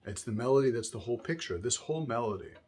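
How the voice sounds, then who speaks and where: A man's voice: mid-range voice, animated, fast talker. A man teaching a music lesson, explaining patiently and often checking in with "right?", singing short examples between explanations.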